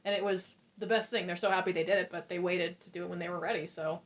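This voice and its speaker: A woman co-hosting a casual book club chat, giggly and animated, quick to laugh. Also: lowish voice. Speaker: podcast co-host.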